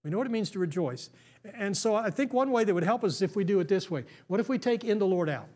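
A man's voice: high voice, expressive, quick pace, a little mellow. An American man, a pastor, preaching a sermon in a conversational way, full of restarts and stammers.

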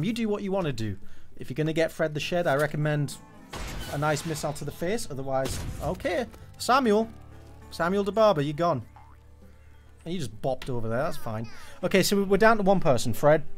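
A man giving a live, joking, swear-filled running commentary as he streams a game. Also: fairly high pitch.

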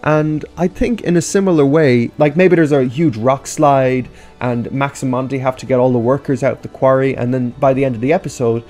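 Casual male YouTube commentator, frank, reads and reviews stories, mid pitch, faint music. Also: fairly even intonation, normal speed, hardly any pauses, dark tone. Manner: casual and frank, with mild swearing. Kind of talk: reading story outlines and commenting.

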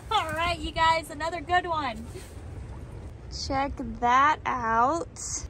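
A woman's voice: high voice, slow, pushed and bright, slight background noise. A woman vlogging outdoors on a rocky ocean beach, gushing to viewers as "you guys". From United States. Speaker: vlogger and rockhound. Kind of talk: casual vlog talk to viewers.

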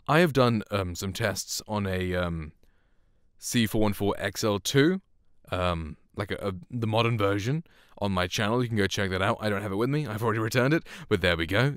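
A man talks through a casual microphone demo in a low voice. The sound is smooth and resonant, and it is recorded very dry and close. He rambles a little, laughs at himself and keeps the mood loose. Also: normal speed, a bit bright, no echo. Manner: rambling, chuckles often, self-deprecating. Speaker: host reviewing microphones. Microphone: studio condenser microphone.

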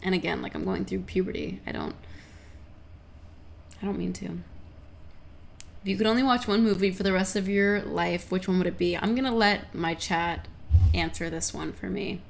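A young woman livestreaming, chatting casually and excitably with her viewers, swearing now and then. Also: on the low side, moderate pace, gravelly, long pauses, slight background noise. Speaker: livestreamer answering chat questions. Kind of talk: casual chat.

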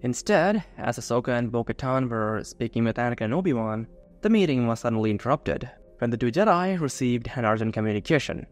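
A man's voice: medium pitch, animated, brisk. A man narrating a science-fiction fan-fiction story in a scripted, dramatic storytelling manner. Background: faint music.

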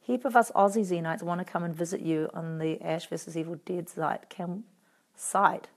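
Kiwi woman doing a live fan q&a, low voice with a gravelly edge, wry and teasing. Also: fairly even intonation, moderate pace. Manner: chatty, wry and playfully teasing. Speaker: actress answering fan questions. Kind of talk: casual live video Q&A reading out comments.

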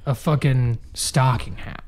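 A man's voice: mid-range voice, steady tone, a little slow, darkish tone, a little hiss or hum. A young man co-hosting a podcast in casual chat, exasperated and ranting with plenty of swearing. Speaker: podcast co-host.

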